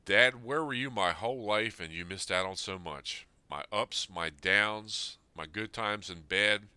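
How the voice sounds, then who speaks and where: Deep, sharp-toned man in his fifties. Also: measured pace, smooth, no echo. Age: 50s. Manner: earnest, plain-spoken, reflective. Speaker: podcast host. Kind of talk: reading a personal letter aloud, then reflective talk.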